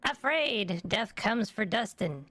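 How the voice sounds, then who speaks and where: A man voicing a small, frightened male opossum who speaks in slow, halting, broken phrases. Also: sits high, very animated, bright, forceful tone, no room sound, voice pushed up, full character voice. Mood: fearful, terse.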